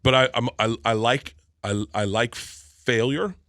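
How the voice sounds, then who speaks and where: Casting: bright-voiced comedian man in his forties, from Florida, animated storyteller, dry studio sound. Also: mid-range voice, measured pace, no echo. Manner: animated, laughing storyteller acting out quotes. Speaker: comedian guest. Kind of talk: storytelling in casual interview.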